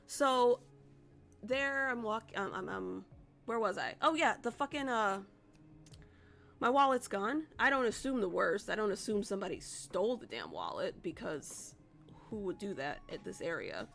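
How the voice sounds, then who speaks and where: A woman streamer rambles through a story for her chat, cursing casually and circling back when she loses her thread. Her voice carries a gravelly edge. Faint music plays beneath. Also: medium pitch, fairly bright tone. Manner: chatty, profane, rambling with restarts.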